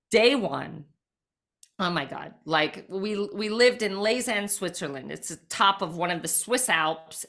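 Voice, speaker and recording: A woman guest on a podcast, telling a personal story with lively energy and lots of "like" fillers. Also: fairly low pitch. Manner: frequent "like" fillers, lively retelling.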